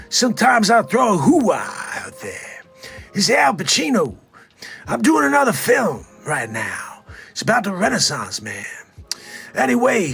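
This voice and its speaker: A man doing a comic impression of an older male film star with loud outbursts. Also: sits high, vocal fry, breathy edge, full character voice. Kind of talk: comedic celebrity impression.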